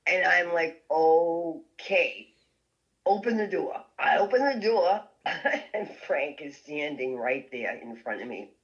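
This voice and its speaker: A woman's voice: deep voice, measured pace. Casual: woman spinning a story on a podcast, laughing the whole way, kinda muffled lo-fi audio. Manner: lively, laughing often, full of restarts. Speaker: guest. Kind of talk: telling a story in a podcast interview.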